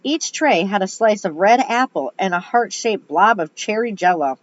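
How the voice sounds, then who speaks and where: A woman's voice: mid-range voice, lively intonation, moderate pace. A woman reading a children's book aloud, with chatty asides between passages. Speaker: reader. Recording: dull lo-fi recording.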